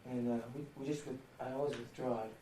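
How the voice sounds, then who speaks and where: Flat-voiced, deadpan young man. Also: medium pitch, fairly quick. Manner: deadpan joking. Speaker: interviewee. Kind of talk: casual chat. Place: indoors in a house. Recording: roomy, distant, noisy 1990 home video.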